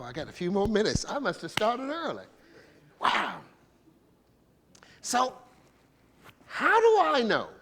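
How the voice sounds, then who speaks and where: This bishop's sermon comes in a man's voice that sits high and sounds a bit bright. His preaching is playful and conversational, with features: he poses rhetorical questions to the congregation and laughs between points.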